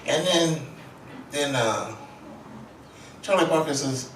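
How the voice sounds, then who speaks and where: Speaking slowly with long pauses in a mid-range voice, an author guesting at a public talk leisurely spins a story, performing each quote with animation. The distant, roomy recording from the event hall has a little hiss or hum.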